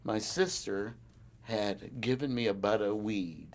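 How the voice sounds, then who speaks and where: A man's voice: fairly low pitch, slow pace. A farmer in an oral history interview, telling his stories with plenty of chuckles and acting out the voices of the people in them. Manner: animated storyteller who acts out quoted voices; chuckles often while telling. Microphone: recorder on a desk.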